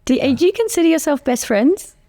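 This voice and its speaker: A woman's voice: high-pitched, animated, quick pace, mellow, no echo, studio quality. A woman hosting an interview, asking curious questions. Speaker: interviewer, host.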